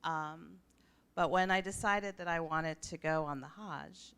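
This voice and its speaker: A woman's voice: sits low, unhurried, fairly bright tone, smooth. An older woman with a Midwestern accent, sharing her personal story on a live panel in a reflective, earnest way. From United States. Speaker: panel speaker. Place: office event space.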